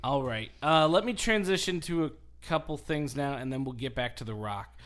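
A man in casual podcast chat, spinning a loose, rambling story at an easy clip. His voice sits in an ordinary middle pitch, and he laughs as he talks. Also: normal speed, a bit bright. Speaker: podcast host.

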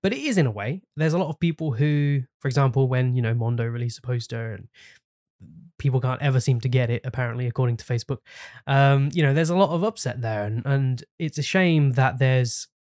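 A man's voice: mid-range voice, a little fast, darkish tone, no echo, clean studio sound. A man hosting a casual podcast interview, easygoing and agreeable, often hedging with fillers as he talks. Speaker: podcast host.

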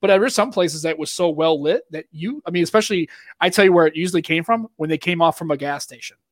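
A man with a Boston accent rants through a casual podcast chat, talking in a fairly high voice and circling back over himself with restarts. The recording is close and dry. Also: fast, no room sound. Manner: animated, ranting, rambling with restarts. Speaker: podcast co-host.

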